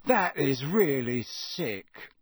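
A man's voice: medium pitch, sing-song, drawn-out words, a bit bright, husky, no echo, exaggerated voice. A man doing a hot-tempered teenage boy from a storybook, muttering and grumbling close to the reader's own voice. The sound is dry and close. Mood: angry mutter. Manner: muttering, angry.

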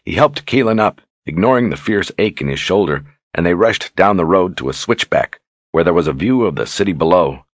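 A man reading a fantasy novel aloud in steady, measured scripted narration. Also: sits low, dry recording. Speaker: audiobook narrator.

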